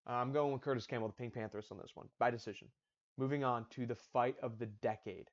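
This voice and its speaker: A man's voice: mid-range voice, fairly even intonation, quick pace. A man hosting a casual solo talk on fight predictions, rambling and interrupting himself with slangy asides. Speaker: MMA fight predictions host. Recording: dull lo-fi audio.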